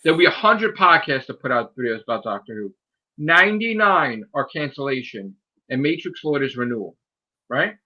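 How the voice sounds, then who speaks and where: A man hosting a podcast, ranting in a heated, profane way and mimicking people in high voices. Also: very animated, normal speed, bright, forceful tone, highs cut off. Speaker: podcast host. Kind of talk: heated casual podcast rant.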